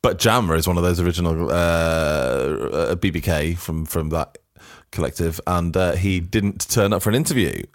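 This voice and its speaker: A man's voice: low voice, moderate pace, few pauses, no room sound. A man in his thirties from England, a radio host chatting casually and wryly in a studio. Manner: chatty, self-deprecating, wry. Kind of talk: casual chat.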